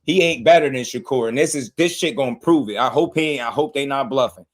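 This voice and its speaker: A man's voice: mid-range voice, quick pace. Hyped man on a boxing livestream. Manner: animated, laughing, swings from shouting to muttering. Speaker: boxing podcast host. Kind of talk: excited livestream boxing talk.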